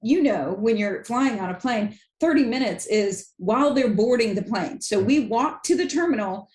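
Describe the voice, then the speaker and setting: A woman's voice: on the high side, lively intonation, moderate pace, a little mellow, reverberant. A woman co-hosting a podcast, telling a story in casual chat, laughing often and understating things wryly. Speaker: podcast co-host.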